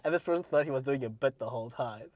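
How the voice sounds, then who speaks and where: A man co-hosting a casual podcast, rambling with many fillers and letting his sentences trail off quietly. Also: mid-range voice, fast talker, dry recording. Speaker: podcast co-host.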